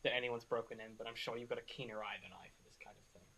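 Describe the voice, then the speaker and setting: A man voicing a brisk female shopkeeper in a tabletop game, with terse, matter-of-fact lines. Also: medium pitch, fairly even intonation, sharp tone, slightly rough, voice pushed down. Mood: businesslike.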